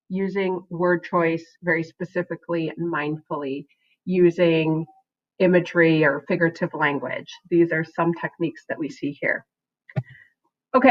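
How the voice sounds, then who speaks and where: A woman's voice: lowish voice, highs cut off. A woman teacher giving a recorded writing lesson to her class, encouraging and often checking in with "right?" between points.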